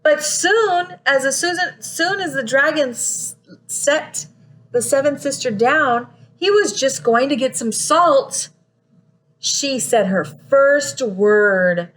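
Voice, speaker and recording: A woman teacher reading a picture book aloud to young children, gasping often and pausing to ask them questions. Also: on the high side, slight background noise, low-quality recording. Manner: expressive, frequent gasps, asks listeners questions.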